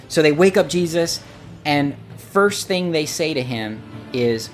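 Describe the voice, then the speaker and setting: A man's voice: fairly high pitch, measured pace, soft background music. A man preaching a sermon, telling stories and acting out the quotes he gives. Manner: storytelling, acts out quotes with lively shifts. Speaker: pastor.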